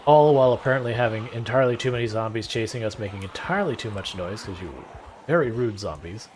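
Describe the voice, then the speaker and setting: Casting note: man as a chatty game streamer, mid-pitched, self-deprecating and sarcastic, steady noise behind him. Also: fast. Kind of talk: casual gameplay chat.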